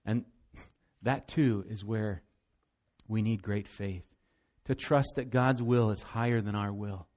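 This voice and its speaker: A man's voice: lowish voice, fairly even intonation, takes it slowly, long pauses, darkish tone. A man preaching a sermon as pastor, earnest and emphatic, often repeating words as he goes.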